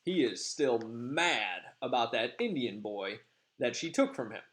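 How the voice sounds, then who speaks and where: A man's voice: mid-range voice, very animated, a little slow, fairly bright tone. A man voicing a cocky male fairy henchman who talks in casual, bossy slang.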